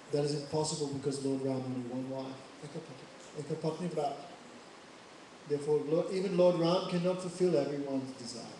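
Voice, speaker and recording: A man preaching in an animated way, retelling scripture stories and laughing at his own jokes. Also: fairly high pitch. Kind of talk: devotional storytelling sermon. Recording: echoey hall, mic far off, faint noise.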